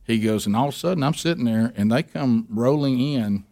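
A man's voice: mid-range voice, a little fast, warm tone, no room sound, studio quality. A man telling a story on a radio show, rambling with many restarts and laughs. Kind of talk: casual on-air storytelling.

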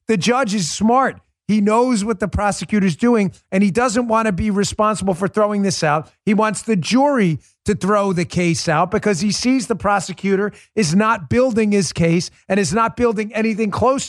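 A middle-aged man with a fairly high voice delivers a pointed commentary monologue as a podcast host. He talks to the listener directly and hammers his points home through repetition. The sound is dry and close, with little room around it. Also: no room sound. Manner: emphatic, conversational, repeats for stress.

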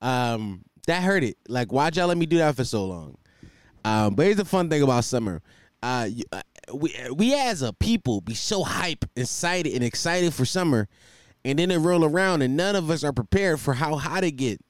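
A man hosts his podcast in a loose, comedic monologue, cursing freely and riffing between jokes. His voice sits a little high for a man and swings widely in pitch. The sound is smooth, close and dry on a desk mic. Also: moderate pace, no echo. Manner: profane, joking, animated rambling. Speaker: podcast host. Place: hot room at home with a fan. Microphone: desk microphone.

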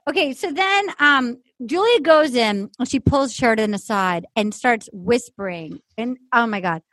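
A woman's voice: a little high, animated, moderate pace, fairly bright tone, no room sound. A woman co-hosting a podcast in casual chat, rambling with lots of "like" and restarts. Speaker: podcast co-host.

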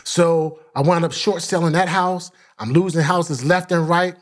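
Animated Philadelphia man telling his story. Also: on the high side, a little slow, faint music behind. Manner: animated, acts out quoted voices, swears freely. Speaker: podcast guest. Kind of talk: storytelling in an interview.

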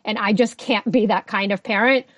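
A woman's voice: medium pitch, fairly even intonation, moderate pace, dry recording. A woman who grew up in Russia, talking as a podcast guest in a reflective, easygoing way that often breaks into laughter. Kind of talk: conversational podcast interview.

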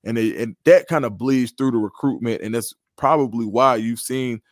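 A man's voice: medium pitch, moderate pace, no room sound, clean studio sound. A man, a guest analyst in a podcast interview, talks through football recruiting in a confident, analytical way. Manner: confident, analytical, animated storytelling.

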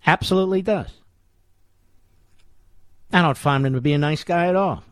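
A man hosting a talk radio show, delivering a combative, sarcastic monologue full of mocking rhetorical questions, his voice rising high in indignation. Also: moderate pace, no echo. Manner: voice climbs high and loud in indignation.

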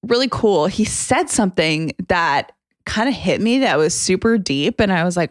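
A woman's voice: fairly low pitch, moderate pace, dry recording. Chatty woman co-host, dry sound. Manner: chatty, storytelling, animated retelling. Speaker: podcast co-host. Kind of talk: casual chat.

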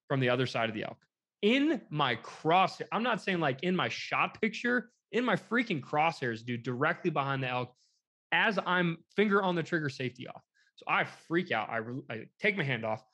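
Young adult man, mid-pitch, chatty podcast guest, animated storyteller who quotes people. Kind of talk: casual storytelling chat.

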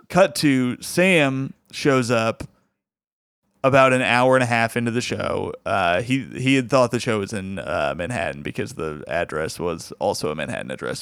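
A man's voice: medium pitch, very animated, moderate pace, vocal fry, fairly bright tone, dry recording. A man hosting a comedy show, telling a funny story in a casual way, laughing as he goes and acting out quotes. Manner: laughs through his own story, acts out quotes.

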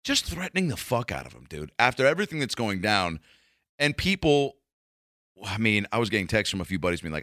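Swearing comedian guy riffing, lowish voice with a bright edge, dry close sound. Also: big pitch swings, fairly quick, dry recording. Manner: profane, rambling, lots of restarts. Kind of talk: casual rambling monologue.

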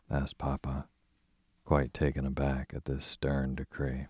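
A man narrating a classic storybook in a steady, measured reading voice with a husky tone. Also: rumbling low. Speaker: audiobook narrator.

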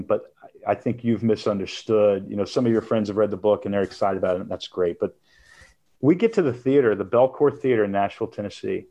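A man's voice: lowish voice, dark tone, dull audio. A middle-aged man telling a personal story as an interview guest, acting out quotes and laughing now and then. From United States. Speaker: guest author.

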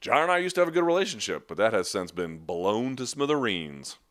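A man's voice: lowish voice, sing-song, fairly quick, a bit bright. A man hosting a podcast, casually answering live chat questions in a rambling, conversational way. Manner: rambling, conversational, restarts and asides.

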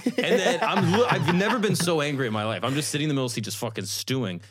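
Man, comedian, quick storyteller, animated, casual podcast. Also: a little high, breathy edge. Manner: animated, acts out voices, swears.

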